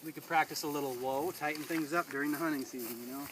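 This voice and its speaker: A man working as a dog trainer, explaining an outdoor training session in a relaxed way and chatting to the dog. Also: fairly high pitch, fast talker, hardly any pauses. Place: outdoors in a field by water. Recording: distant outdoor mic with noise.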